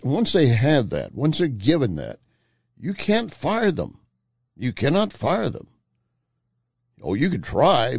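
A man hosting talk radio, emphatic and insistent. His pitch swings widely as he repeats key phrases. The sound is dry and slightly dull, like a broadcast feed. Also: a little mellow, no echo. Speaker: radio talk show host.

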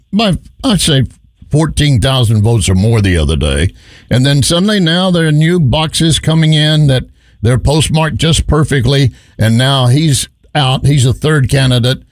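A man's voice: medium pitch, dry recording, clean studio sound. A man hosting a political talk radio show, asking probing questions and laughing often. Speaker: radio host.

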